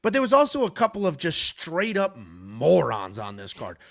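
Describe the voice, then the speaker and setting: A man's voice: on the high side, wildly swooping pitch, normal speed, gravelly, fairly bright tone. A man co-hosting a sports podcast, talking in a brash, joking, blunt way in casual chat. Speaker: podcast co-host.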